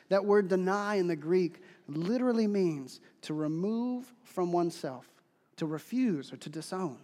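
A man preaching a sermon as pastor, telling stories in an animated, emphatic way. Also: high voice, normal speed. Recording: long hall reverb.

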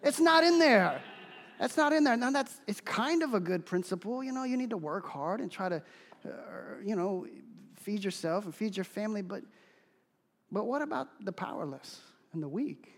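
A man preaching a sermon as pastor, telling stories in an animated, emphatic way. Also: high-pitched, moderate pace. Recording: long hall reverb.

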